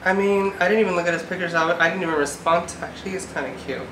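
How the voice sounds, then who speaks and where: A woman's voice: on the low side, rapid-fire, noisy background. A woman in her twenties chatting casually in a vlog, peppering her talk with "like" and sounding exasperated. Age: 20s. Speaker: vlogger. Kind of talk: casual chat. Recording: echoey room.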